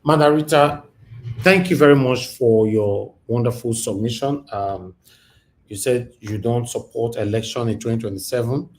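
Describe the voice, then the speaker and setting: A man hosting a live stream discussion, speaking hesitantly with many pauses. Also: mid-range voice.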